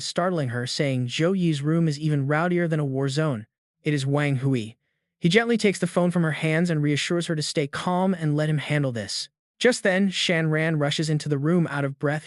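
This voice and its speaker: A man giving scripted narration of a story recap in an even, dramatic storytelling delivery. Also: a little high, dry recording, studio quality.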